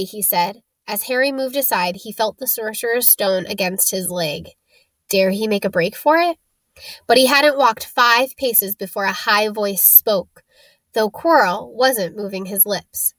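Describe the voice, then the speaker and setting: A woman narrating a storybook chapter in a slow, dramatic reading. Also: medium pitch, fairly bright tone, no room sound, low-quality recording. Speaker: audiobook narrator.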